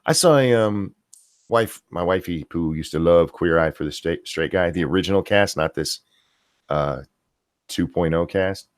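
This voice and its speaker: A man's voice: deep voice, moderate pace, dry recording, clean studio sound. A middle-aged man ranting profanely on a casual live stream, reading viewer comments aloud as the host.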